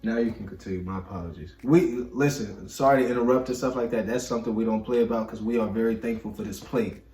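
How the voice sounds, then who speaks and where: A man's voice: lowish voice, fairly even intonation, quick pace, darkish tone. Young man, casual vlog chat, slangy and laid-back, echoey room, faint music. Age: young adult. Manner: laid-back, slangy, talks while eating. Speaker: vlog co-host. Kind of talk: casual chat over a meal.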